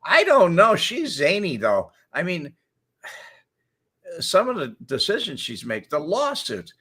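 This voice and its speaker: An older man hosting a casual talk show, telling animated stories and laughing often as he acts out quotes. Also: fairly high pitch, slow pace, husky. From Chicago area. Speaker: show host. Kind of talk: casual storytelling chat.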